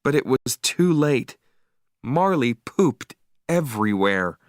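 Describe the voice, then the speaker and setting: Slow, expressive male storyteller. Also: medium pitch, no room sound, studio quality. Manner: clear, deliberate, expressive reading. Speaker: storyteller for English learners. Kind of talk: slow read-aloud story narration.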